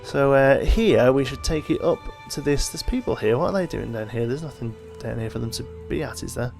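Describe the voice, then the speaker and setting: Tired, gravelly man narrating gameplay. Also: mid-range voice, fairly quick, music in the background. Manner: thinking aloud, relaxed and chatty. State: tired, yawning. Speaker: let's play host. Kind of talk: casual gameplay commentary.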